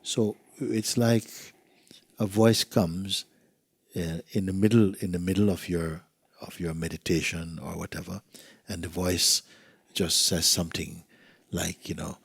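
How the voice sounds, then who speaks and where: A man speaking as a spiritual teacher in a soft, gentle way. He often drops to a whisper and asks rhetorical questions. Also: sits low, fairly even intonation, a little slow, vocal fry, breathy edge, no room sound, clean studio sound. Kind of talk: spiritual talk, reading and answering letters.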